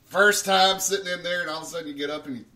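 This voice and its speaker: A man's voice: high voice, steady tone, very fast, bright, forceful tone. A man hosting a show, reacting with casual laughter and swearing. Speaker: show host reacting to a clip. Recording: roomy echo, distant from the mic.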